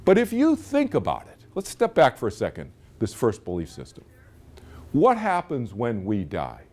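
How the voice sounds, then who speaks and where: A man's voice: medium pitch, huge pitch swings, normal speed, darkish tone. A middle-aged man giving a live seminar talk, chatty and storytelling, often checking in with his audience. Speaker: seminar speaker.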